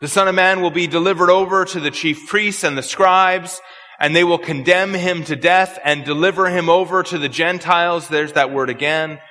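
A man's voice: fairly high pitch, fairly even intonation, moderate pace, pushed and bright. A man preaching an expository sermon, earnest and prone to repeating words as he searches for phrasing. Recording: long hall reverb.

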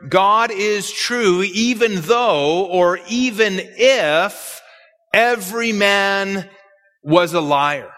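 A man preaching an expository sermon, emphatic and measured, with repetitions. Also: sits high, bright, forceful tone, in a large hall.

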